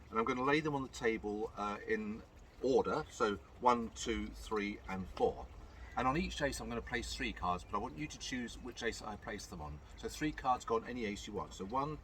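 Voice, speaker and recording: Chatty magician doing card patter. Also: male voice, medium pitch, fairly bright tone, slight background noise. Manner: chatty, playful, repeats counts aloud. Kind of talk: patter while performing card tricks.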